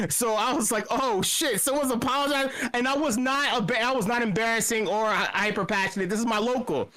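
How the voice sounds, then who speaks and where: A man's voice: fairly quick, few pauses. A man telling a rambling bar story in a casual chat, swearing often, stumbling over restarts and acting out what people said. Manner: animated, profane, many restarts and fillers; acts out quoted speech with big pitch jumps. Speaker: meetup regular telling a story.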